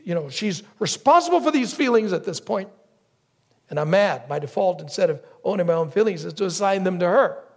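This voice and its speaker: A man preaching a sermon with a gravelly, slightly husky voice pitched a little high. He tells stories from his own life, dropping into other voices now and then. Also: lively intonation, brisk. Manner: storytelling, acts out wife's lines and crow caws. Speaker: pastor.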